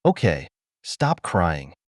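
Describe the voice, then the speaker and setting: A man reading as a betrayed husband in an audio story, calm and cold with a sarcastic edge. His voice is low with a lively pitch, and the sound is dry. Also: moderate pace, no room sound.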